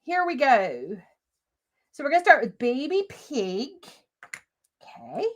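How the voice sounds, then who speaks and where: A woman's voice: high-pitched, sing-song, takes it slowly. A woman hosting a live crafting demo, chatty and gushing, talking straight to her viewers as she works. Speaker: crafting livestream host.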